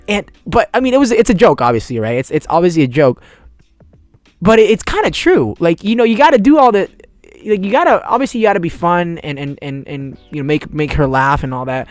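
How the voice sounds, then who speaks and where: A man's voice: a little high, big pitch swings, brisk, no echo. A man in his twenties hosting a casual solo podcast, rambling in laid-back slang with cursing. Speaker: podcast host.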